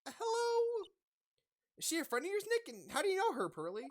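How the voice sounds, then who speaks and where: A woman's voice: very high-pitched, wildly swooping pitch, fairly quick, a little hiss or hum, pitched above the performer's own voice, heavily acted. Woman voicing a small earnest girl, sweet and questioning. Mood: curious.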